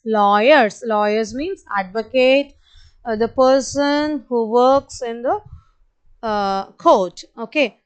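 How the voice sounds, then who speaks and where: A woman teaching children a spelling lesson in Indian English, slowly and patiently spelling out each word letter by letter and repeating it. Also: fairly high pitch, clean tone. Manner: slow, spells words letter by letter and repeats them; kind, patient, addresses kids directly. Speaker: primary school teacher.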